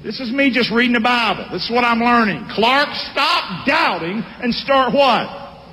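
A man's voice: very high-pitched, measured pace. A male pastor preaching a sermon, calling out to his congregation. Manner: animated, calls out to congregation. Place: church hall. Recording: echoey hall.

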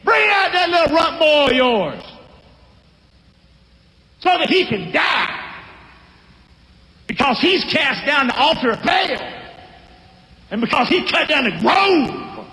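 Furious townsmen bellow for a young man's death in a raised, strained voice, as a male preacher puts them on. The shouts ring out high and wild. A long reverb trails behind every word. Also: very animated, slow, long pauses, heavily acted. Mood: outraged. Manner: shouting, outraged.

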